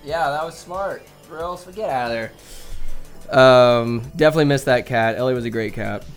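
A man's voice: mid-range voice, moderate pace, soft background music. Rambling young man telling cat stories. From Northern California. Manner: rambling and chatty, with profanity and laughs. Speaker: vlogger. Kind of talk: casual rambling storytelling. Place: home room with a bookcase.

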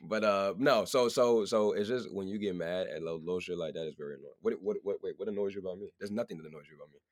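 A young man telling stories in casual podcast banter, slangy and swearing freely, animated. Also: low-pitched, fast talker, no echo, studio quality. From not from where the show is recorded. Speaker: podcast co-host, guest.

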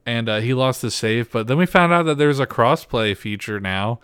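Co-hosting a podcast, a man chats casually, rambling and teasing his co-host. His voice is medium-pitched, expressive, clear and resonant with a fairly bright tone at normal speed, recorded dry with clean studio sound.

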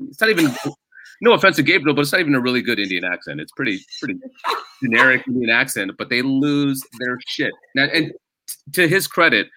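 Bright-voiced man telling comedy stories. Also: medium pitch, expressive, a little fast, no room sound. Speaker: stand-up comedian. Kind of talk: casual podcast chat.

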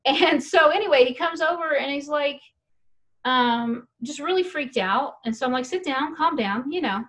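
A woman's voice: high voice, moderate pace, a bit bright. A young adult woman telling a long, frank, rambling story in casual chat, laughing now and then. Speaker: guest storyteller.

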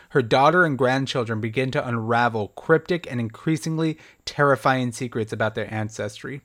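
A man's voice: medium pitch, fairly bright tone. A young man hosting a solo podcast, reviewing a horror film in a casual, chatty, self-deprecating way with light laughs.

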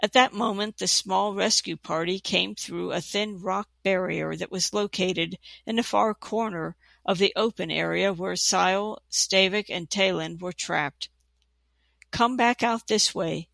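A narrator reads a fantasy tale aloud at an even pace. The voice is heavily gravelly with a bright, forward edge. The sound is dry and close. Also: mid-range voice, measured pace, few pauses, no echo. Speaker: audiobook narrator. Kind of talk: storybook reading.

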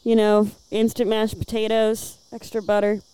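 A woman's voice: medium pitch, monotone, moderate pace, warm tone, a little hiss or hum. A Midwestern woman from Illinois in her twenties, chatting casually as a podcast guest and telling stories, packed with "like" and casual swearing. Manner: chatty storyteller, fills talk with "like", swears freely. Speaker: podcast guest, bar door worker. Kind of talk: casual chat.

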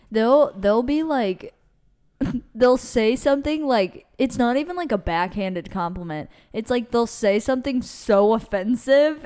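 Young woman gossiping on a podcast, clear smooth voice, says like a lot, swears. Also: a little high, darkish tone. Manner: chatty storyteller, swears, many likes and fillers. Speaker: podcast co-host. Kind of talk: casual chat.

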